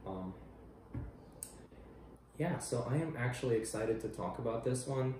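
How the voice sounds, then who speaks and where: A man's voice: medium pitch, animated, a little slow, darkish tone, slight background noise. A young man co-hosting a casual film review chat, laid-back and swearing casually, with hesitant restarts. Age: young adult. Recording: very echoey room, far from mic.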